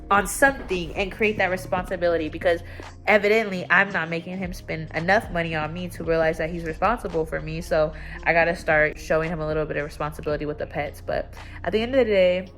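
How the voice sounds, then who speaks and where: A young woman talking at home in a casual confessional vlog, candid and rambling, her voice jumping up when she gets excited. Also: a little fast, soft background music. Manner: candid and rambling, with sudden excited jumps in pitch. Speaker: vlogger. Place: at home, indoors.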